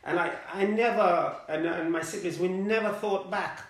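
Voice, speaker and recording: A middle-aged man from London telling his life story in an interview, halting and repeating words as he searches for them. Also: high-pitched. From London, England. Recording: roomy echoey room.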